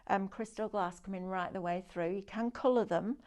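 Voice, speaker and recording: A woman's voice: mid-range voice, moderate pace, a little mellow. A woman presenting a live craft shopping demo, chatty and enthusiastic as she shows off the products. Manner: chatty, enthusiastic, sales patter with demonstrations.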